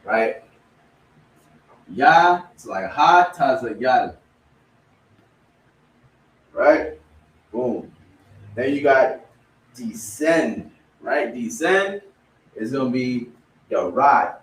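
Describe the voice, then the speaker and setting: A man's voice: very animated, extremely slow, pauses often. A man with a Spanish accent teaching an online vocabulary class in a casual way, often saying "right?" as he goes. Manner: casual, repeats "right?" and "boom". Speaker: language teacher. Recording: roomy, distant mic, faint background noise.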